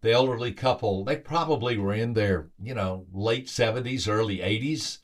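A man's voice: on the low side, normal speed. A man hosting a podcast, telling a motivational story with emphatic, repeated phrases. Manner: acts out quoted voices with lively lifts. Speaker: podcast host and motivational speaker.

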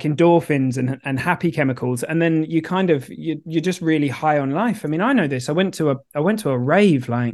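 A man co-hosting a podcast in casual chat, jokey and casual about swearing. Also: fairly high pitch. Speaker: podcast co-host.

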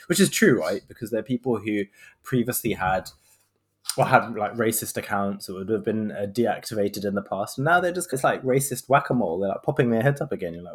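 A man's voice: fairly low pitch, animated, brisk. A man in his thirties hosting a podcast, chatting casually and sarcastically with lots of rambling asides. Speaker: podcast host.

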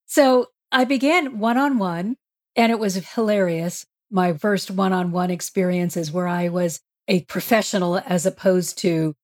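Woman healer guest telling a story, laughing a lot, super animated. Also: mid-range voice, a little slow. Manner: lively, laughs often, acts out quotes. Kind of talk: animated storytelling in a podcast interview.

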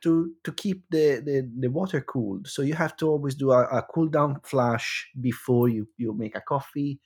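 Husky man explaining, measured. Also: mid-range voice, a little mellow. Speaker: podcast co-host. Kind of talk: casual chat.

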